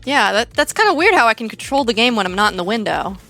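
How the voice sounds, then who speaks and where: Young woman streamer chatting away, lots of "like"s and giggles, bright clear tone, quiet music under it. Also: a little high, big pitch swings, fast. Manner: giggly, rambling, full of filler likes. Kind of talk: casual chat while gaming.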